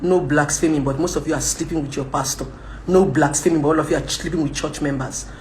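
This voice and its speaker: A woman's voice: low voice, fairly even intonation, fast, a little mellow, echoey room, slight background noise. Scolding Nigerian woman on a live stream. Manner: scolding, combative, switches into Pidgin, laughs often. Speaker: live video host. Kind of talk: ranting live-stream chat.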